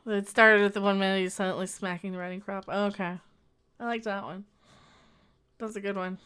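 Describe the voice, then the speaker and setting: A woman hosts a late-night livestream from home with a smooth, clear voice of middling pitch. She rambles in a playful, cheeky way, breaking off mid-thought and restarting her sentences. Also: steady tone, fairly quick, fairly bright tone. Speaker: host of a late-night internet show. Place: home in Las Vegas.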